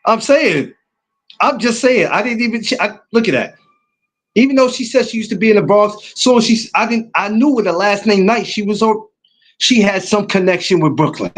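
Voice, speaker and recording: A man with a New York accent talks in an easy, slangy way, looping back with asides as he tells stories. His voice sits a little high for a man. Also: lively intonation, moderate pace, fairly bright tone. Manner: laid-back street slang, storytelling with repeated asides. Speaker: guest. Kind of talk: casual chat.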